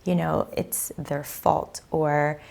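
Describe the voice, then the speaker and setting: A woman in her thirties speaks as an interview guest, candid and reflective, with a low voice. Gravelly fry runs through her speech. She often pauses on fillers as she thinks. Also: flat delivery, darkish tone. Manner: open, reflective, many fillers. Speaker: guest, prenatal class teacher.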